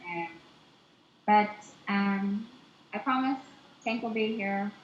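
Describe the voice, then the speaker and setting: A woman's voice: medium pitch, fairly even intonation, slow, a little hiss or hum. A woman from the American South, a guest on a casual online show, talking over a remote call with many ums and teasing asides. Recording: dull, echoey call audio.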